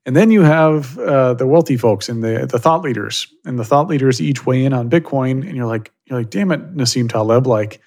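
A man talks as an interview guest in a loose, rambling way, full of "you know" and "like" fillers. His pitch sits in the middle and he stays thoughtful. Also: lively intonation, moderate pace, few pauses, a little mellow. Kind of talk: casual conversational interview. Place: Silicon Valley.

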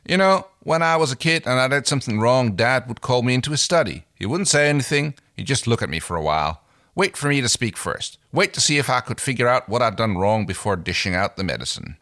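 A man's voice: medium pitch, expressive, fairly bright tone, no echo, studio quality. A man voicing an exasperated young male astronaut who fires back sarcastic, incredulous replies. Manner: incredulous, defensive, quick comebacks.

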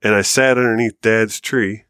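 Animated american man telling a hunting story. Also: normal speed, clear, resonant tone, no echo, studio quality. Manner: animated storyteller, rises high and loud when acting out quotes. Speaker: podcast co-host. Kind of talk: casual storytelling chat.

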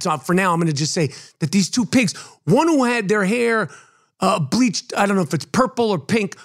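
A man's voice: high-pitched, a bit bright. Profane man ranting on his podcast. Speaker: podcast host. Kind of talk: comedic rant.

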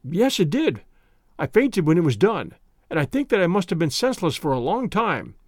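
A man voicing a shaken young gentleman engineer. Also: high-pitched, big pitch swings, normal speed, no room sound, clean studio sound. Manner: polite, weary, nervous.

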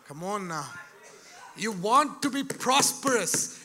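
A man preaching a sermon, dropping to a hush and rising to shouts, calling out to his listeners. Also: sits high, animated, slow. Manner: swings from hushed to shouted, calls out to the crowd.

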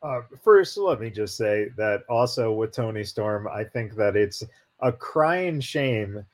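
A man's voice: lowish voice, animated, slow pace. A man cohosting a casual wrestling podcast, talking hesitantly with many fillers. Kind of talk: casual panel chat.

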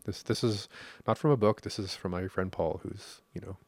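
A man's voice: on the low side, moderate pace, no echo. A Canadian man talking casually on a podcast, rambling with restarts and frequent laughs. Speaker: podcast host. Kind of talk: casual conversational podcast talk.

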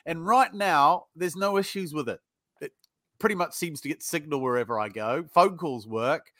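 A British man with a high, bright voice, talking bluntly and swearing freely as he tells sales stories in a casual interview. The sound is close and dry, with no room around it. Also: normal speed, dry recording. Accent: British English. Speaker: sales trainer guest.

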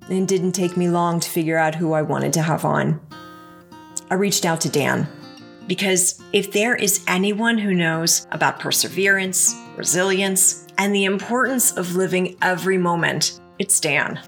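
A woman's voice: on the low side, moderate pace, faint music behind. A woman hosting a podcast, narrating scripted segments with asides to the listener. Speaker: podcast host.

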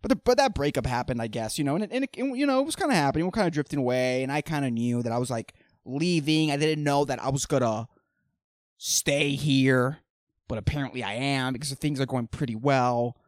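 A young man hosting a solo podcast, ranting with heavy swearing, flipping between loud outbursts and mumbled asides. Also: mid-range voice, fairly quick, dry recording, studio quality. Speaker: podcast host. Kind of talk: solo comedic rant.

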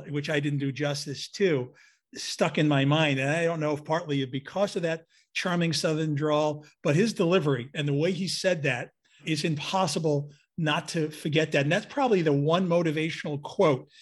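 Interview host guy, admiring and reflective, a little high voice, gushes a bit. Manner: admiring, reflective, effusive praise. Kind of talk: casual conversational interview.

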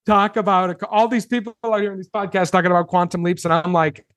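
Here a thirtysomething podcast guest recounts his story in a relaxed, lively manner, re-enacting his own earlier reactions. He speaks fairly quickly in a high voice, recorded with clean studio sound and no room noise.

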